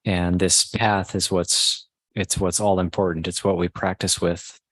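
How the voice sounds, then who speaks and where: Deep monotone guy teaching dharma at a retreat, slow and pausing, dry close sound. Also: no echo. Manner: slow, measured teaching with pauses and restarts. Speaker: Buddhist monk teaching a retreat. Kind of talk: Dhamma talk.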